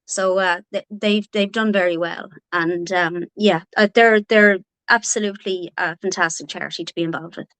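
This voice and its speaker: Speaking at normal speed with hardly any pauses, this Irish-accented woman has a lowish, fairly even, fairly bright voice and no room sound. She's an author from Donegal, Ireland, talking earnestly in a casual interview, often restarting and using fillers.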